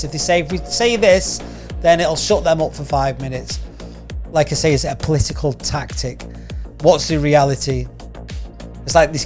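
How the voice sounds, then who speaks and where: A man's voice: a little high, darkish tone. A man hosting a casual news commentary channel, rambling and firing off rhetorical questions. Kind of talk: casual opinion commentary to camera.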